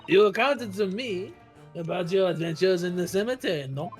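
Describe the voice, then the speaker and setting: A haughty French-accented nobleman speaks in a florid, courtly way, as a man puts him on. The voice sits somewhat high for a man. Faint music plays underneath. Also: expressive, normal speed. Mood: insinuating. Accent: French, put on.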